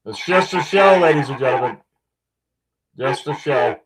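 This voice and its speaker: A man's voice: mid-range voice, lively intonation, moderate pace, low-quality recording. A man hosting a live stream, speaking to the audience like a showman with a repeated catchphrase.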